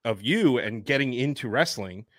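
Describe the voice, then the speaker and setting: A man hosting a casual chat, talking haltingly and eagerly, like a fan. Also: mid-range voice, lively intonation, no room sound, clean studio sound. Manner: halting, many fillers and restarts, fan-like. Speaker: podcast host.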